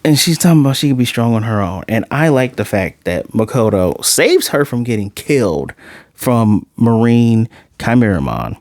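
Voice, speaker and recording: A man's voice: medium pitch, big pitch swings, moderate pace, darkish tone, no echo. A man reviewing an anime episode in a casual, rambling, blunt way.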